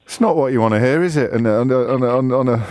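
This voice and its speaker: A man hosting a radio phone-in, chatting with callers in a lively way. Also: mid-range voice. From Kidderminster, England. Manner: chatty and animated, quick to laugh with callers. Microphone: studio microphone.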